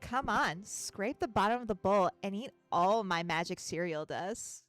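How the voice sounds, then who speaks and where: A woman's voice: medium pitch, measured pace, no room sound, faint music behind, natural voice. A woman voicing a flirty male cereal-box mascot from a dating game, read in a mock-seductive way.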